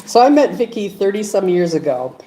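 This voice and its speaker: A woman's voice: medium pitch, sing-song, fairly quick, warm tone, slight background noise, poor audio. A woman reminiscing about a friend in a eulogy, chuckling through her stories. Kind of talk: storytelling eulogy at a funeral. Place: funeral service room.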